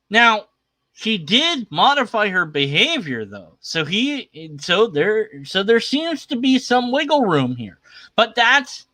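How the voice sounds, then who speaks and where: This man hosts a livestream, reacting to a video with casual, skeptical commentary that rambles and turns argumentative. His high-pitched voice is bright and forceful, and there's no room sound.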